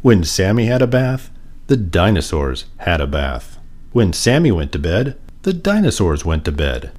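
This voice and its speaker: Male storyteller, low voice that swings widely, sing-song picture book reading. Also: very animated, unhurried, darkish tone. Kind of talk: children's picture book read-aloud.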